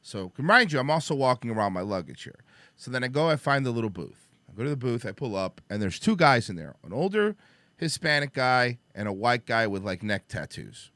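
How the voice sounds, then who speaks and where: A man's voice: mid-range voice, a little fast, dry recording. A man hosting a talk show, telling a story in casual chat, swearing and acting out the people he met. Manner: animated, profane, acts out the other people in the story. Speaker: podcast host telling a story.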